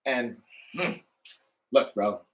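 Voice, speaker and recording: A middle-aged man delivering a profane, ranting monologue to his channel, swinging between loud outbursts and low mutters. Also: animated, takes it slowly. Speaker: channel host.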